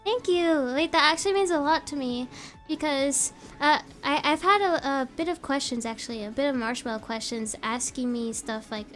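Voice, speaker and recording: A woman's voice: high-pitched, normal speed, a bit bright, faint music behind. A young woman chatting on a live stream in a bubbly, giggly, rambling way. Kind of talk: casual live-stream chat.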